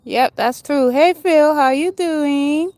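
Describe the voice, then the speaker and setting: Walking city streets outdoors, a middle-aged woman hosts a rambling livestream, greeting viewers by name and jumping between opinions. Her high voice is slow and a little mellow, with no echo.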